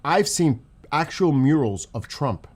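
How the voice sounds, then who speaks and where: A man's voice: on the high side, big pitch swings, unhurried, darkish tone. A man delivering an angry, profane political rant as a channel host, repeating himself for emphasis and saying how upset he is. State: upset and livid.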